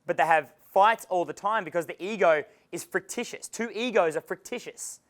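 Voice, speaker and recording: Man, dating coach, live seminar talk, slightly high voice, crisp and smooth, brash and casual, swears, chuckles a lot. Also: normal speed, fairly bright tone. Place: seminar room with a live audience.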